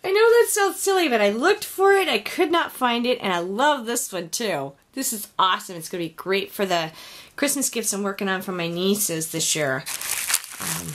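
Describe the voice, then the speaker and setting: A woman opening a craft gift box on her home unboxing vlog, gushing and softly exclaiming as she films in her craft room on a camera on a tripod. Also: mid-range voice, animated, moderate pace.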